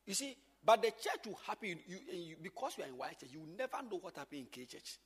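A man's voice: sits high, fast, few pauses, husky, in a large hall. A man, teaching church workers in an emphatic, repetitive way. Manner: animated, emphatic, repeats points.

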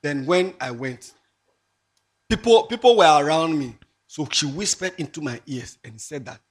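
Man, moral talk to students, lively swooping pitch, breathy husky voice. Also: moderate pace. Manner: animated, mixing English with local phrases, rising to emphatic shouts. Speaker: speaker addressing students. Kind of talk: moral talk to young people.

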